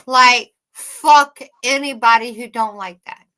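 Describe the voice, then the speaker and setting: A woman's voice: on the high side, slow pace, sharp tone. A woman co-hosting a casual livestream chat, ranting heatedly and swearing constantly.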